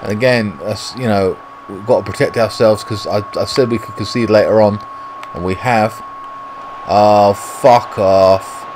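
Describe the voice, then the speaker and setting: This British gaming YouTuber has a lowish voice with fairly even intonation and a moderate pace, heard against a noisy background. He gives live commentary on his own football video game, swearing a lot and grumbling to himself.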